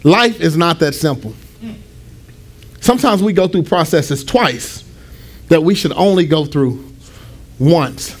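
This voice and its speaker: A male pastor preaching a storytelling sermon, animated, acting out the dialogue in his story. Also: fairly high pitch, measured pace, long pauses.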